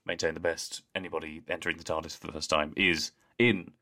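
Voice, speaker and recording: A man co-hosting a podcast in casual chat, enthusiastic, with quick asides. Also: very deep voice, level tone, pushed and bright. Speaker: podcast co-host.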